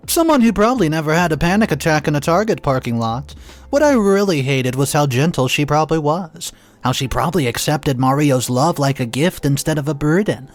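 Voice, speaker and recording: Man, story narrator, fairly high-pitched, reads with feeling over faint background music. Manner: expressive, dramatic reading with occasional restarts. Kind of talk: first-person story narration.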